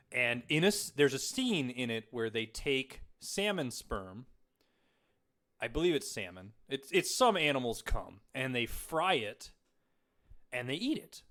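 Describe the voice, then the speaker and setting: A man's voice: medium pitch, moderate pace. A young man co-hosting a podcast, telling stories in a casual chat and laughing often. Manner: animated storytelling, laughs often. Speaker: podcast co-host.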